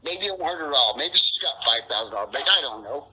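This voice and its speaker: A man's voice: mid-range voice, animated, fast talker, bright, forceful tone, slightly rough, rough recording. A middle-aged man being interviewed, talking in a rambling, profane, frustrated way. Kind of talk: casual interview.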